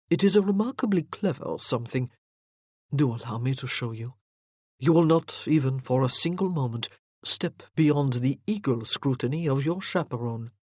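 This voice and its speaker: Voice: medium pitch, warm tone, dry recording, clean studio sound, lightly acted. A reader voicing a teasing, worldly French nobleman in a historical romance audiobook, with a suave, mocking delivery. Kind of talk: audiobook character reading.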